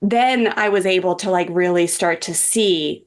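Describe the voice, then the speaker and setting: Earnest, low-voiced woman in her forties. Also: a little slow. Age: 40s. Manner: earnest, chatty, heavy with "like" and "um" fillers. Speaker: parenting coach guest. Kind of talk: personal storytelling in a podcast interview.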